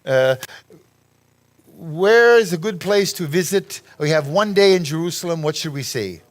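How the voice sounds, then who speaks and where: A courteous male tourist stops a stranger to ask which sites are worth a day's visit, speaking in a fairly high voice with polite hesitation, as a man telling the story puts him on. He comes across as halting and mild rather than fully acted. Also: lively intonation. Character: polite male tourist from India asking directions.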